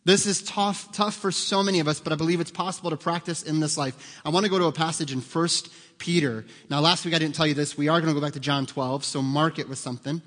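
A man's voice: on the high side, fairly even intonation, quick pace, few pauses, fairly bright tone. A man preaching a sermon as pastor, talking conversationally and putting questions to the congregation. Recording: long hall reverb.

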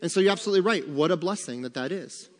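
A man's voice: fairly high pitch, rapid-fire, long reverb tail. A man leading a church group in casual devotional talk, acting out his own worried voice in quotes. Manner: animated, acts out quoted worries.

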